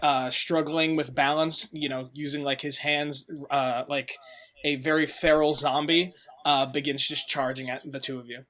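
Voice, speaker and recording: A man's voice: fairly high pitch, little pitch movement, normal speed, a bit bright. A man narrating a tabletop game as game master, rambling with many fillers.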